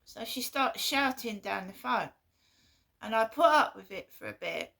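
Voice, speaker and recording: A woman vlogging in a casual monologue, halting and repeating herself with an aggrieved tone. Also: a little high, expressive, gravelly, a bit bright.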